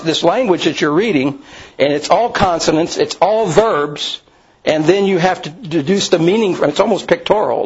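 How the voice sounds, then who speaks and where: Man teaching bible class, slightly high voice, husky, rambling with restarts, dull lo-fi recording. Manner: rambling, many restarts and asides. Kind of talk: Bible study lecture.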